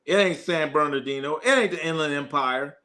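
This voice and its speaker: Animated Bay Area man streaming sports talk. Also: on the high side, a little fast. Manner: animated, joking, reads chat comments aloud. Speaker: sports show host.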